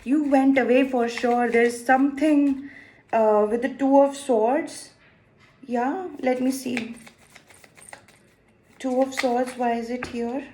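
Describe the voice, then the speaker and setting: Slow, high-voiced woman reading tarot. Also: steady tone, mellow, a little hiss or hum. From India. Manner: emotive and exclaiming, thinking aloud. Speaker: tarot reader. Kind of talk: tarot card reading to viewers.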